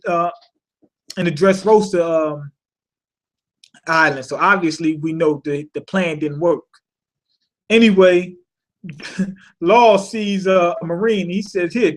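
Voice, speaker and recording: A man giving a casual, profane recap of a comic chapter, rambling and laughing as he swears his way through the plot. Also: high voice. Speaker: manga reviewer.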